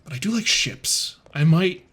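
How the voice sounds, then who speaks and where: A man voicing a bandaged, tipsy young man who rambles excitedly in a tabletop game. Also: on the high side, a little slow, slightly rough, heavily acted. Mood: giddy. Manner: rambling and giddy.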